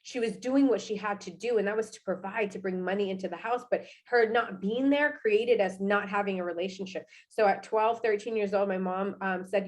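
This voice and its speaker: A young adult woman telling her personal success story in an energetic, chatty way, often asking "right?" and saying "y'all.". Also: mid-range voice, fairly quick. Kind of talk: personal testimonial talk.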